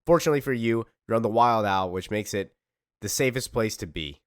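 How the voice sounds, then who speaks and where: A man's voice: lowish voice, animated, fairly quick, no echo, clean studio sound, lightly acted. A man voicing a self-assured, welcoming sorceress mother.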